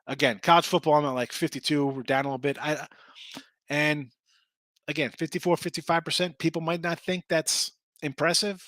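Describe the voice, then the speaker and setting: In a loose, rambling sports betting stream, a man reads out picks, records and chat names, talks back to viewers, and frequently starts over. His bright, forceful voice sits a little high and stays steady in tone at a brisk pace. The recording is dry and close, without any room echo.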